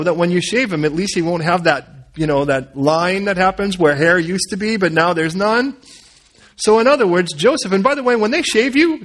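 A man preaching a sermon, reading scripture and breaking off into animated, joking, conversational asides. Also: on the high side. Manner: animated, conversational, full of asides and playful jokes. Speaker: pastor.

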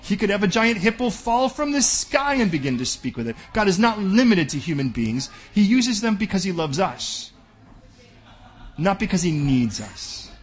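A male pastor preaches with a high, husky voice that swoops up and down with lively emphasis. He speaks boldly and directly, often slipping into acted-out exchanges to drive a point home. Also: moderate pace. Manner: bold, direct preaching that acts out dialogues. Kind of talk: sermon.

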